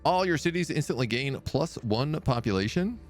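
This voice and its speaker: A man's voice: medium pitch, lively intonation, normal speed, soft background music. A man casually commenting on a strategy game he is streaming live, talking to his units and making playful sound effects.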